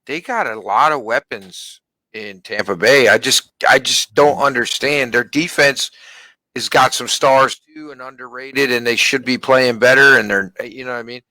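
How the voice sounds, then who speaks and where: A man's voice: mid-range voice, moderate pace, pushed and bright, no room sound, poor audio. A man co-hosting a casual sports talk show, speaking in an emphatic, conversational way. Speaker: podcast co-host.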